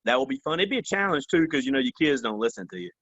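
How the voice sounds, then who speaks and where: A man's voice: mid-range voice, big pitch swings, racing, fairly bright tone, slightly rough, no echo, dull audio. A man in his forties, a company vice president, giving earnest interview answers, repeating phrases and often saying "man" and "you know".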